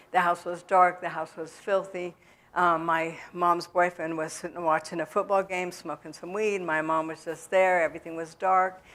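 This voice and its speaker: Woman, lowish voice, candid testimony speaker in a church, halting and frank. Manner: candid, storytelling with many fillers and restarts. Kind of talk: personal testimony talk.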